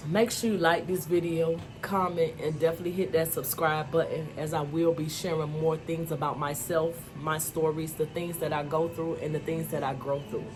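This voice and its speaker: Her delivery is flat, in a low voice at a moderate pace with few pauses, and music runs in the background. She's an adult vlogger, a mom of school-age kids, recounting her own life to the camera candidly and emphatically, often using "you know" and "y'all."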